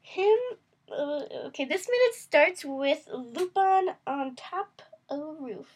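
A woman's voice: high-pitched, expressive, takes it slowly. A young woman co-hosting a podcast, teasing her co-host and laughing often in casual chat.

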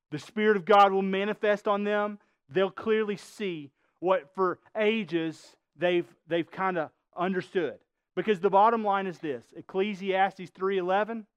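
A man's voice: high voice, clean tone, no room sound. A male pastor preaching a sermon, emphatic, quizzing the congregation with rhetorical questions.

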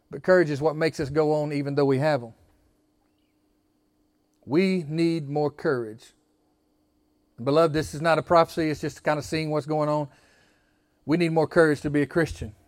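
A man's voice: a little high, no room sound. A man preaching a sermon as pastor, building emphasis and leading the congregation in call-and-response.

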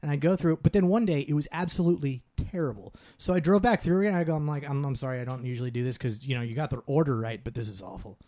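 A man's voice: a little high, fast talker, few pauses, dark tone. A man chatting casually with friends on a podcast, telling rambling stories full of fillers. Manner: rambling, filler-heavy storytelling. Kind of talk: casual group chat.

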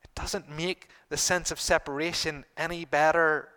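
A middle-aged man preaching a sermon to his congregation, earnest, repeating phrases and pausing for emphasis. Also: a little high, little pitch movement, sharp tone, clean tone. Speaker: pastor.

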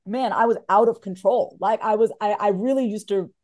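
A woman's voice: mid-range voice, brisk, darkish tone. A woman talking candidly and emotionally as an author guest in an interview. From United States. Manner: candid and emotional, swings from tearful to laughing.

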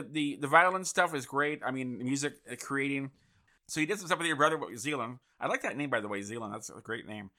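A man hosting a radio talk show, chatting loosely with guests and filling pauses with "you know" and "uh". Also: mid-range voice, sharp tone. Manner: chatty, loose, with repeated thank-yous and fillers. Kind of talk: casual radio interview.

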